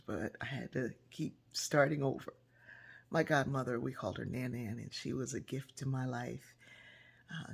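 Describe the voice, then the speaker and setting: Woman, casual storytelling, gravelly, husky, soft near-whispers at times. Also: extremely low pitch. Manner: warm, conversational, drops to soft near-whispers. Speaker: speaker and author.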